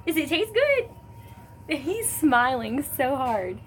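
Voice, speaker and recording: A woman's voice: high-pitched, animated, a little slow. A young woman vlogging with her service dog. She coos at him in a sing-song baby voice and gives him short commands. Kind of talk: casual vlog, giving dog commands. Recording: background noise.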